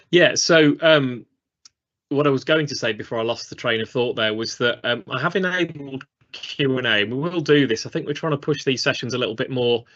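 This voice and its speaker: A man's voice: mid-range voice, moderate pace, fairly bright tone. Chatty rambling male stream host. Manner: rambling, chatty, self-deprecating. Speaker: co-host of a live training stream. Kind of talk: casual live-stream chat. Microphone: studio mic on a video call. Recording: slightly dull lo-fi stream audio.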